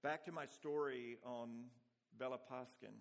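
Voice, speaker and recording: A man's voice: mid-range voice, fairly even intonation, a little slow. A man preaching a sermon, earnest and repeating key phrases for emphasis. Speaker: pastor. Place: church.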